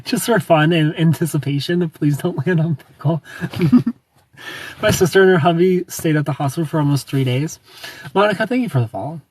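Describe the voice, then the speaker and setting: A man's voice: fairly high pitch, moderate pace, darkish tone, distant mic, slight background noise. A young man hosting a casual livestream, chatting and giggling as he greets viewers by name. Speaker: livestream host. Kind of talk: casual livestream chat reading comments.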